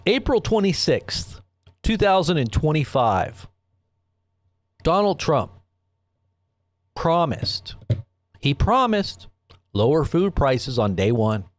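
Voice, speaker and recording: A man hosts a ranting news commentary with a fairly high voice, recorded dry and close with no room sound. He rambles and repeats himself, preaching and piling up rhetorical questions. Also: very animated, takes it slowly, pauses often, dry recording. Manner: preachy, quotes scripture.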